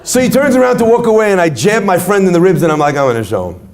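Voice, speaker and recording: A man's voice: high voice, fast talker. A man giving an inspirational talk to an audience, telling stories and joking with the crowd. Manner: animated storyteller, jokes with the crowd. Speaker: speaker at a retreat.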